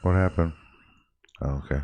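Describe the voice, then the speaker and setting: A man's voice: low voice, moderate pace, dry recording, dull audio. A man co-hosting a podcast, chatting casually in a joking, rambling way. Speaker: podcast co-host. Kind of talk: casual chat.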